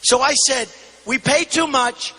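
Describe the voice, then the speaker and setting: A man in his sixties giving an emphatic, repetitive campaign rally speech, often shouting. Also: very high voice, measured pace, slightly rough, long reverb tail. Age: 60s. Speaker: political candidate. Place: large indoor arena.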